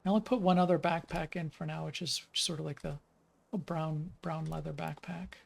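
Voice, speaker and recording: Gravelly, rambling game developer. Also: medium pitch, fairly even intonation, normal speed. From United States. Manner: rambling, chatty, lots of fillers and restarts; talks while playing and commenting on the game. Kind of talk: live stream gameplay chat.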